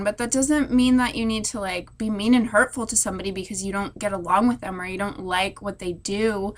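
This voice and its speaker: A young woman, a military spouse, talking through tears in an emotional personal vlog, rambling with many "like" fillers. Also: a little high. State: crying. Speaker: vlogger. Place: hotel room.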